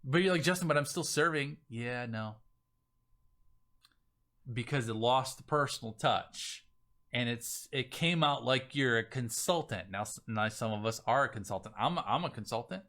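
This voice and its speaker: Man, business coach, casual teaching talk, bright tone, energetic. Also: mid-range voice, moderate pace. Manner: energetic, acts out sample messages.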